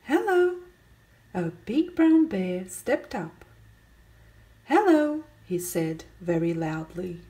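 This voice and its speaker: A woman's voice: lowish voice, very animated, slow pace, few pauses, mellow. A woman reading a children's picture book aloud, asking her young listeners questions and calling out the characters' greetings. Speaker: storybook reader.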